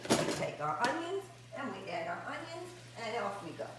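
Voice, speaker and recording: A woman's voice: a little high, big pitch swings, moderate pace, very noisy. A woman hosting a cooking show, chatting her way through each step in her kitchen and humming to herself. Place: home kitchen. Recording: echoey kitchen with frying sounds.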